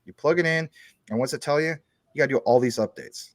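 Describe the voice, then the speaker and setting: A man's voice: on the high side, fast talker, no room sound, studio quality. A man talking as a guest on a casual chat show, explaining things at length through long everyday analogies.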